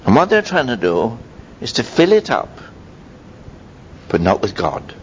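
Animated preacher with a lively, leaping voice. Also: male voice, unhurried. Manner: lively storytelling with sudden high-pitched exclamations. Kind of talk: sermon. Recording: dull lo-fi recording with faint rumble.

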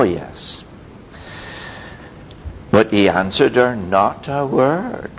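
A man preaching a sermon, telling stories in a lively way with sudden high exclamations. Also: drawn-out words, pauses often. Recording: dull lo-fi recording with faint rumble.

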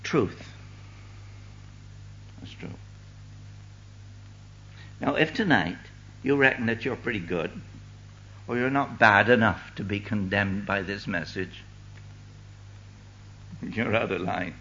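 An older man preaching a sermon with fervent delivery, swinging from loud declaiming to hushed asides. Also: on the low side, slow pace, long pauses, dull audio.

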